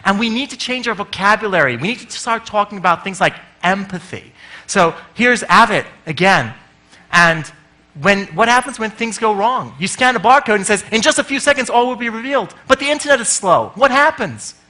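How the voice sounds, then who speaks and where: Animated, bright-voiced male conference speaker. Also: sits high, moderate pace. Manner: animated, swears freely, acts out voices. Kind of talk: comic conference talk.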